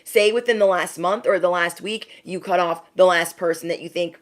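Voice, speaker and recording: A woman's voice: fairly low pitch, normal speed. A woman giving a spiritual tarot reading to camera, chatty, calling the listener bestie and slipping into exaggerated voices for people she quotes. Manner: chatty, calls the viewer bestie. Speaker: tarot card reader.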